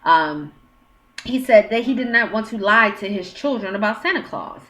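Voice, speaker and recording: A woman's voice: medium pitch, expressive, moderate pace, pushed and bright. A woman in her thirties giving dating advice straight to camera at home, in a frank, chatty way. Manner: frank and chatty, with quoted dialogue and questions. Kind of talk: casual advice monologue. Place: at home, with her child nearby.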